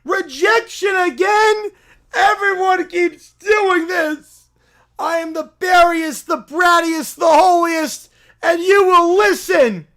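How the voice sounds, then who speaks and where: A man's voice: extremely high pitch, slow, gravelly, fairly bright tone, pitched above the performer's own voice, exaggerated voice. A man voicing a self-righteous male preacher of a silly pizza religion who shrieks and rants in constant indignation. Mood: ranting outrage.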